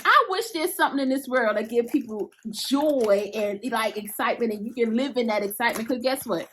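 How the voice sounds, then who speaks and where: A woman chatting casually to her viewers while unboxing crochet hooks, gushing and excitable, speaking straight to the audience in loose everyday slang. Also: fairly high pitch, fairly quick, a little hiss or hum. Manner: casual Southern-style slang like "y'all" and "I'ma".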